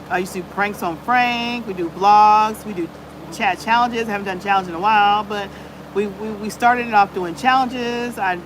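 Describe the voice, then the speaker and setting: A chatty woman hosting a live stream, her voice at an ordinary middle pitch. She greets viewers one by one and leans on "y'all" as she talks, casual and unhurried, with a faint hum of noise behind her. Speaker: livestream host.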